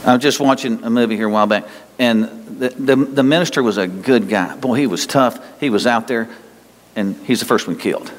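A man in the middle pitch range preaching with folksy emphasis, stretching key phrases slowly and circling back to repeat them. His voice rings out with a long reverb tail, as in a large hall. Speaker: pastor. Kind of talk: sermon.

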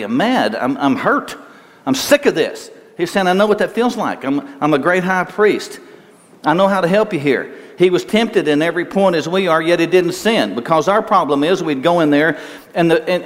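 Folksy older male preacher in a reverberant hall. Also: high-pitched. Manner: conversational, folksy, repeats words, chuckles. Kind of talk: sermon.

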